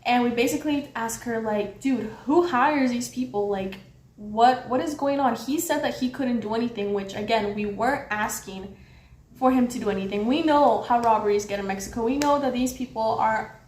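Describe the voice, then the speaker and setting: High-voiced young woman, swearing and animated. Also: moderate pace. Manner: animated, heavy swearing, swings loud when heated. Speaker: vlogger. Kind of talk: storytime vlog. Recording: roomy echo with faint background noise.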